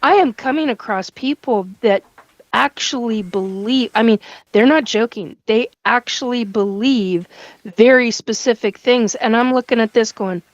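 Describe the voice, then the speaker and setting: A woman's voice: fairly high pitch, a little slow, no room sound, dull audio. A middle-aged woman co-hosting a casual chat, telling stories and laughing often. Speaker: co-host.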